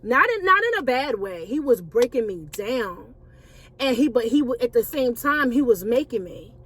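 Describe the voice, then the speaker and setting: A woman's voice: fairly high pitch, very animated, normal speed, fairly bright tone, husky. A woman, a Christian life coach and author, telling her personal story to viewers in a conversational way, calling them y'all.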